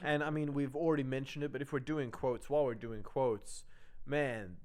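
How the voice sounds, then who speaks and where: A man's voice: mid-range voice, steady tone, moderate pace, darkish tone, smooth. A man chatting on a podcast, dry and reading out trivia. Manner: dry, reads out facts. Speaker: podcast co-host. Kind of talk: casual chat.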